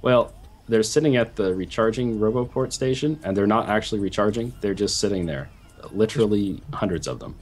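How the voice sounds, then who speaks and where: Low, husky-voiced man telling a story. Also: fairly quick. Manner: animated storyteller, stumbles and restarts. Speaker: game co-player. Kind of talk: casual chat while gaming.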